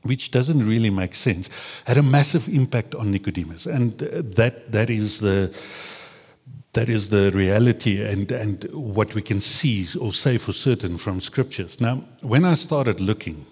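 A man's voice: lowish voice, a little slow, a little mellow, slightly rough. A man preaching a sermon in a casual, searching way, often repeating words as he restarts. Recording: long reverb of a large hall.

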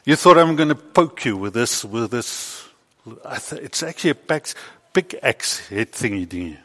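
A man tells a story sermon in a church. His voice jumps between hushed asides and loud, excited bursts. He sounds playful as he works with a child volunteer. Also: medium pitch, moderate pace, long reverb tail. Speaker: pastor.

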